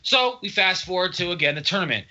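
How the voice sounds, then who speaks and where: A man's voice: sits high, lively intonation, fast, sharp tone, dull audio. A man retelling a movie plot in a casual, profane, rambling chat.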